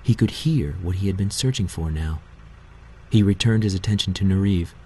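A man narrating a novel in a measured, steady audiobook reading. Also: low voice, slight background noise, rough recording.

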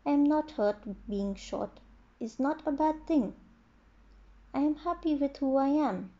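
Lady doing a sweet patient mango tree, soft and easy, bit lo-fi. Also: sits high, animated, a little slow, pitched above the performer's own voice. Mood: gentle. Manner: gentle, reassuring. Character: kind cheerful male mango tree, gentle and patient.

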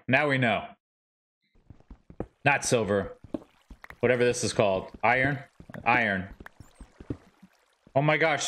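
An excitable male streamer giving running commentary as he plays, his voice leaping up and down in pitch. His tone is bright and forward, and he breaks into yelps and shouts whenever something goes wrong. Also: slight background noise. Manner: excitable, talks to himself and chat, yelps and shouts at enemies. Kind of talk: live gameplay commentary.

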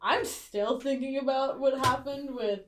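A woman's voice: high voice, a little slow, background noise. A woman improvising her character in a tabletop game, talking in a casual, chatty way. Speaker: player. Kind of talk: improvised role-play. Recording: echoey room.

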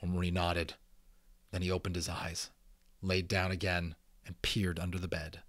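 A man giving a dramatic reading of a children's novel, expressive and adding casual asides. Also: deep voice, moderate pace, dry recording, clean studio sound. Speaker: audiobook reader.

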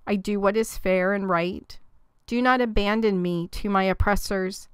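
Woman reading scripture, very clear voice. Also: mid-range voice, dry recording. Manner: measured, even recitation. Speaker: scripture reader.

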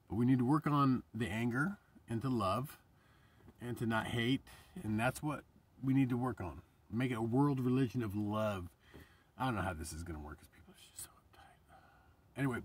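Male vlogger, husky voice, rambling and animated, mic set back a bit. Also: mid-range voice, distant mic. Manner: animated, swears freely, voice jumps up when quoting himself. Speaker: vlogger and painter. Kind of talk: casual rambling vlog.

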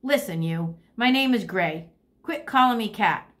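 A woman's voice: mid-range voice, expressive, unhurried, fairly bright tone. A woman voicing a grumpy male house cat, exasperated and insistent.

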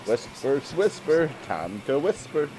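A man's voice: a little high, sing-song, slow pace, background noise. A man giving jumpy, jokey commentary while playing a game, often talking to himself. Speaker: gamer. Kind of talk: let's play commentary.

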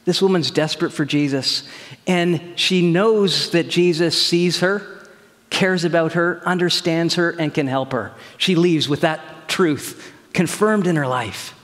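A male pastor preaching in a church sanctuary, with a fairly high voice for a man. He talks conversationally and tells stories with lively quoted dialogue, and the sound carries a long hall reverb. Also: measured pace. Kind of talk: sermon with personal story.

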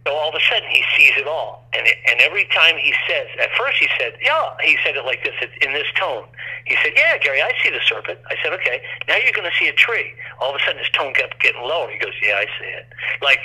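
A man's voice: on the high side, animated, fast talker, pushed and bright, breathy edge. A man telling a long, rambling story as an interview guest, acting out quoted voices, over a phone line.

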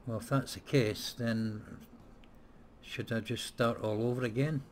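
A man's voice: medium pitch, steady tone, a little slow, slight background noise. A man hosting a casual let's-play, thinking aloud as he plays, with frequent hesitations and the odd blunt swear word. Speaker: gameplay host.

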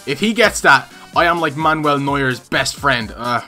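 A young man giving casual, excitable gameplay commentary, swearing and laughing often. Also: medium pitch, normal speed, hardly any pauses, faint music behind. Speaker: gaming YouTuber.

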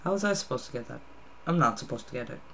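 A man's voice: medium pitch, lively intonation, very fast, creaky, sharp tone. A tired man casually commenting while playing an online drawing game, muttering guesses and swearing at himself. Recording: noisy home recording with ticking.

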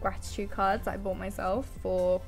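A woman's voice: mid-range voice, little pitch movement, normal speed, darkish tone, soft background music. A young woman chatting casually on her live stream, giggly and affectionate toward her cat, speaking into a desk mic at home. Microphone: desk microphone.

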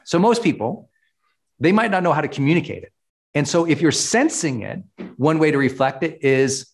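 Man, middle-aged, personal development coach, motivational talk, emphatic, slightly high pitch. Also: lively intonation, gravelly. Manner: emphatic, slows down to stress key words.

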